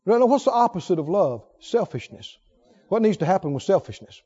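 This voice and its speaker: A man preaching a sermon with emphasis, repeating key phrases and swinging between loud declarations and soft asides. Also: high voice, very animated, fairly quick, husky, muffled recording.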